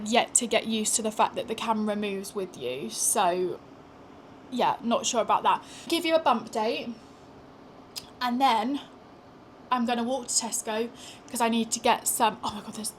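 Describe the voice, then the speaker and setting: Filming herself on a small handheld gimbal camera, a pregnant young British vlogger chats casually at home and out on walks, poking fun at herself along the way. She speaks at a normal speed in a fairly high voice, with slight background noise.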